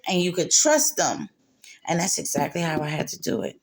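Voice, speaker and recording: A woman's voice: deep voice, huge pitch swings, moderate pace. Mother, candid faith monologue; emotional, repetitive, laughs through tears. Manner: spiritual, speaks of God and faith. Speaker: mother sharing her story.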